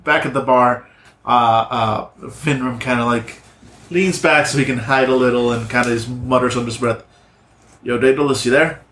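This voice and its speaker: Male player, hesitant and casual, mid pitch, roomy echo. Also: steady tone, normal speed, a bit bright, a little hiss or hum. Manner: hesitant, full of uh and like. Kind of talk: tabletop game play.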